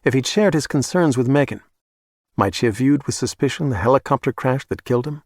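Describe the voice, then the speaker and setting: Measured man narrating a thriller audiobook. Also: medium pitch, no echo, studio quality. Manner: measured, even storytelling.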